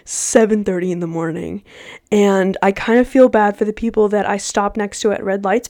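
A woman's voice: medium pitch, normal speed, a little mellow, no room sound, clean studio sound. A young adult woman hosting a casual solo podcast, chatty and slangy with laughs. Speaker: podcast host.

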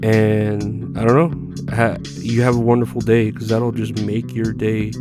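A man's voice: lowish voice, level tone, unhurried, music in the background. A young man hosting a podcast, rambling through a profane comedic rant with lots of fillers and restarts. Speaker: podcast host.

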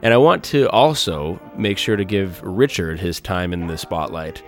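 A man's voice: deep voice, moderate pace. A man hosting a solo music podcast, talking enthusiastically and in superlatives. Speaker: podcast host.

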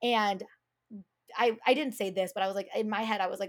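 Young woman telling a story, animated. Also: medium pitch, quick pace. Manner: animated storyteller, acts out quoted voices, many "like" fillers. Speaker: podcast co-host, speech therapist. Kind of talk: casual storytelling chat.

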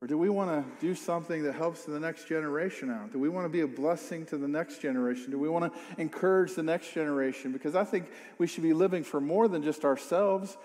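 A man's voice: fairly high pitch, fast, few pauses, a little mellow. A man preaching a sermon, reading scripture aloud and then commenting on it with rising emphasis and repeated questions. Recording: long hall reverb.

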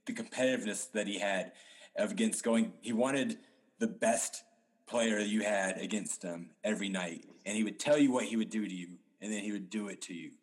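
A man's voice: lowish voice, a little fast. A man in casual basketball talk on a podcast, rambling with many restarts and fillers.

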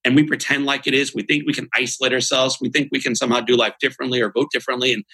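A man talks with a bright, forward edge and a husky grain. He speaks as a guest on an inspirational podcast, earnest and emphatic, pressing each point home like a preacher. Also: mid-range voice, little pitch movement, racing, rough recording. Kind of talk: motivational interview talk.

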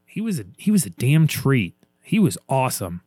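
A man's voice: medium pitch, huge pitch swings, moderate pace, mellow, no echo. Enthusiastic man in casual chat, dry sound. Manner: enthusiastic, acts out quoted lines from scenes.

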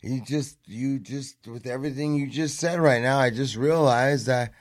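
A man's voice: mid-range voice, normal speed. A man co-hosting a podcast, talking earnestly in casual profane chat. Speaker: podcast co-host.

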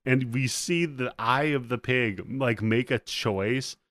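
A man's voice: mid-range voice, slow, fairly bright tone, no echo, studio quality. A man hosting a podcast, casually recapping a movie scene by scene with lots of swearing and laughter. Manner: profane, laughing, play-by-play retelling. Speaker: podcast host.

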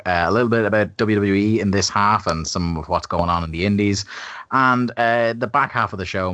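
A very low-voiced man hosting a podcast with an easy, joking manner. His tone is bright and forceful despite the depth, and the recording is dry and close. He often laughs mid-sentence. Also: no room sound. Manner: laughs often, quick teasing banter. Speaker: podcast host. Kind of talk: casual podcast chat.

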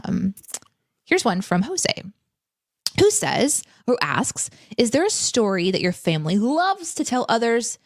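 A woman co-hosting a casual livestream chat, reading viewer questions and telling lively stories. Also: a little high, measured pace, no room sound, clean studio sound.

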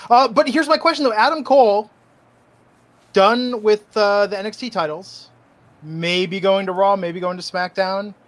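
A man hosting a casual wrestling chat show. He sits a little higher in pitch than most men and talks in an opinionated, animated way, sometimes with dry sarcasm. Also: a little slow. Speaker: podcast host.

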